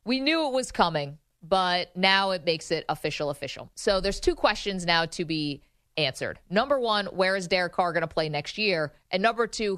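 A woman's voice: lowish voice, a bit bright, dry recording. Woman co-host, casual sports chat, dry close mic, laughs easily. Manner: laughs often, chatty, reads quotes aloud. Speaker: sports talk show co-host.

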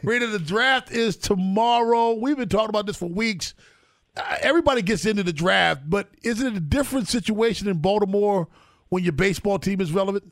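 A man's voice: high voice, brisk, no echo. A man hosting a morning sports radio show, brash and teasing with his guest.

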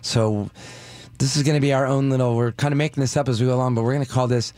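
Speaking quickly in a steady, darkish, mid-range voice, a man guest-hosts a radio show from the studio. His talk is loose radio banter, rambling and full of self-mocking jokes into a studio microphone.

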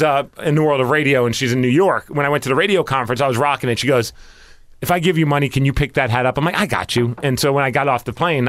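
A middle-aged man co-hosting a radio show, telling stories in casual banter with quick, jokey asides. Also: medium pitch, a bit bright, dry recording.

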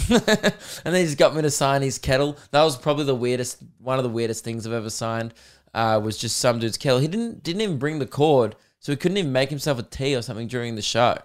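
Man, Australian accent, 20s, podcast host, casual self-mocking chat, smooth clear voice. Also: mid-range voice, lively intonation, brisk. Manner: laid-back, self-mocking storytelling.

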